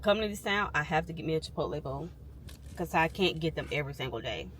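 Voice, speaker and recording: A woman's voice: deep voice, expressive, quick pace, a bit bright, a little hiss or hum. Frank woman vlogging from her car. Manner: candid venting, frank and emphatic. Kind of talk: casual vlog chat. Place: parked car.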